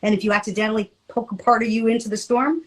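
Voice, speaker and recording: A middle-aged woman co-hosting a podcast in casual chat, animated and jokey, laughing often. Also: on the high side, quick pace, poor audio. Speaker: podcast co-host.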